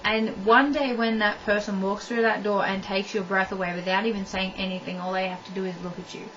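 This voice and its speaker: A woman's voice: mid-range voice, fairly even intonation, brisk, fairly bright tone. A young woman giving blunt relationship advice straight to camera, stressing her points by repeating them. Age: young adult. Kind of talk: direct-to-camera advice monologue. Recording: dull lo-fi audio from a distance with faint noise.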